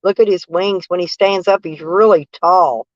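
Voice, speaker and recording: A woman's voice: lowish voice, moderate pace, dry recording. An older woman, chatting casually with live-stream viewers in a rambling, folksy, blunt way with frequent swearing. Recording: dull, dry lo-fi stream audio.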